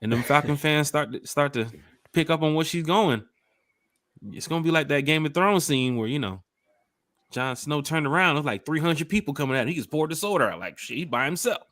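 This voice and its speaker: A man's voice: fairly high pitch, a little fast, dry recording, clean studio sound. Hyped man reading chat on a podcast. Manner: lively, hyped shout-outs. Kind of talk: casual chat.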